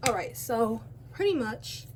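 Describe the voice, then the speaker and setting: A talkative teenage girl tells a story in a loose, rambling way, breaking off into asides and apologies as she goes. Her voice sits a little high, with a faint hiss of room noise behind her. It sounds like a casual home makeup vlog. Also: sing-song, a little slow. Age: teens. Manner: rambling, chatty, self-interrupting. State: out of breath. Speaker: beauty vlogger. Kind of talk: casual storytime chat while doing makeup. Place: home, by a window.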